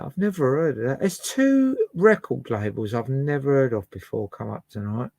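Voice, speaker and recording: A man's voice: medium pitch, expressive, normal speed, gravelly, darkish tone, dry recording. A man chatting and musing as host of a livestream where he plays records. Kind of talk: casual chat to a live chat.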